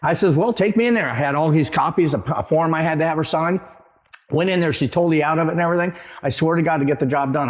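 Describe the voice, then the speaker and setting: A man, a real estate agent and guest, telling stories in a rambling way with halting restarts, from Florida. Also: a little high. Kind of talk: casual storytelling.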